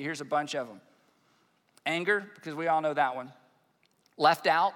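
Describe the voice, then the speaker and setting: A man's voice: on the high side, normal speed, pauses often, bright, forceful tone. A man preaching a sermon as a pastor, conversational and acting out little dialogues. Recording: reverberant hall.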